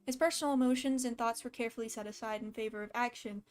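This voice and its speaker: A woman's voice: a little high, steady tone, fast talker, darkish tone. A woman casually reading a fan story aloud with a slight lisp, stopping now and then to laugh and comment. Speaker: fan fiction reader.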